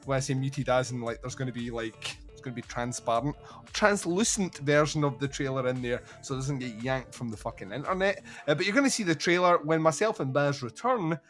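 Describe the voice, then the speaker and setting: A man's voice: mid-range voice, a little fast, faint music behind. A man hosting a film podcast, chatting casually, swearing and acting out film scenes. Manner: swearing, animated, acts out scenes. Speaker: podcast host.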